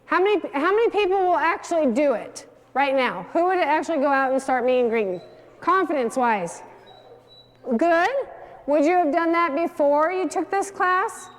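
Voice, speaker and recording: A woman's voice: high-pitched, animated, moderate pace. A woman dog trainer leading a hands-on class, giving direct instructions and coaxing the dogs in a sing-song. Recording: long hall reverb.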